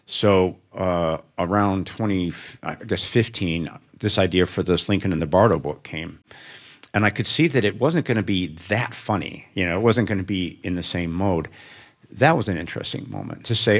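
Very deep-voiced older man, reflective. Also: moderate pace. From American Midwest. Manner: reflective, anecdotal, gently humorous. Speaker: author guest. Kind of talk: onstage conversation before an audience.

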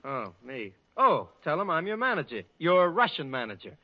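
An actor playing a quick, sly, wisecracking skinny crooner in a 1940s radio comedy, tossing off dry asides and a mock accent. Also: male voice, fairly high pitch, very animated. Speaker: comic lead. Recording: muffled old radio broadcast with heavy hiss.

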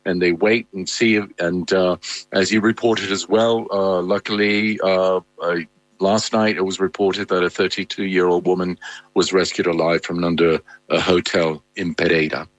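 Man, very low voice, correspondent, lots of uhs and restarts, dry sound. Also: level tone, no echo, low-quality recording. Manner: halting, many fillers and restarts. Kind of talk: live news interview.

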